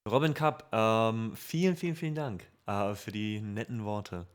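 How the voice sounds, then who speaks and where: A man's voice: on the low side, normal speed, clean tone. A man with a German accent, a native German speaker hosting a music livestream, chatting casually with viewers in an upbeat way and laughing often. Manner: upbeat, laughs often while reading out chat.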